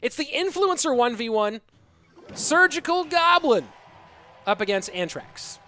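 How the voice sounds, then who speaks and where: A man casting a live esports match, excitable and rambling, with chatty asides to the viewers. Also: extremely high pitch, unhurried, a little hiss or hum. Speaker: esports caster and streamer. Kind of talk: live esports commentary with chat reading.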